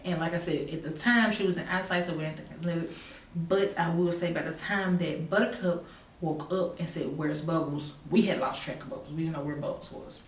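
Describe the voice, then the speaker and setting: A woman telling a story in a casual vlog, animated and sassy, jumping from loud exclaims to hushed asides. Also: on the low side, distant mic. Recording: echoey room, a bit off-mic, faint hum.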